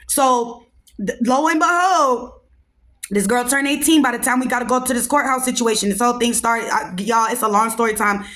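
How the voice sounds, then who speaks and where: High-voiced young woman telling a story. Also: normal speed. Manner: animated, slangy, talks straight to listeners. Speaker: podcast host. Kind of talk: casual storytelling chat.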